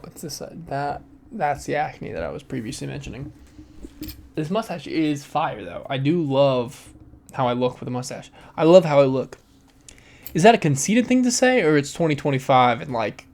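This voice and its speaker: A man's voice: mid-range voice, creaky. A young man hosting a casual solo podcast, rambling and self-mocking, swearing freely. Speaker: podcast host.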